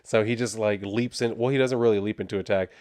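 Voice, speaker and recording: A man's voice: lowish voice, fairly even intonation, fast talker, a little mellow, no echo, studio quality. A man reviewing a comic book in a casual vlog, rambling and laughing often, with lots of fillers.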